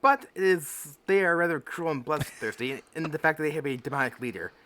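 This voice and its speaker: A man co-hosting a podcast, reading notes fairly smoothly and adding wry quips in casual chat. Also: on the high side, animated, a little fast, pushed and bright. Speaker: podcast co-host.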